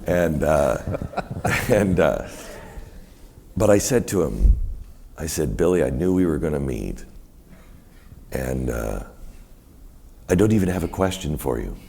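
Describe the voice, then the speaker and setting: A middle-aged man telling animated, rambling stories in a live onstage conversation at a university event, quoting other people as he goes. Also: very deep voice, normal speed, creaky, pauses often. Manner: animated, rambling storyteller who quotes others in many voices. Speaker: guest.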